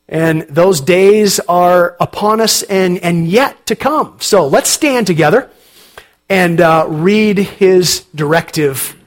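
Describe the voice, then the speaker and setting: A pastor delivers a sermon, reading scripture aloud before putting questions to his congregation in an unhurried, conversational way. His voice sits high.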